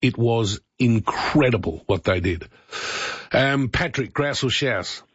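An Australian man hosting a casual radio chat, relaxed and full of fillers. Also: medium pitch, slow, husky, no room sound. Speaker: radio host. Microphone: studio microphone. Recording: dry, slightly muffled radio studio.

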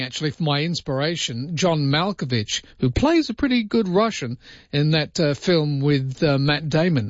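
A man's voice: mid-range voice, no room sound, lo-fi sound. A man with an Australian accent hosting an overnight talkback radio show, chatting in a rambling, self-deprecating way.

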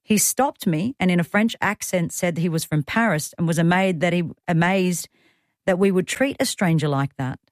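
An Australian woman hosts a radio show, chatting and tossing in self-deprecating asides. Her voice sits a little low for a woman. The studio sound is close and dry. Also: moderate pace, no echo. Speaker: radio host. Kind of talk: talkback radio chat.

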